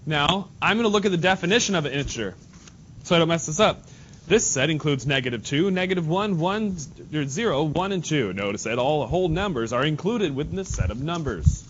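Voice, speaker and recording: Fairly high-pitched, expressive and brisk with a fairly bright tone, this man teaches a math class in a relaxed, joking manner and calls on students by name. The classroom recording sounds dull and lo-fi with faint noise.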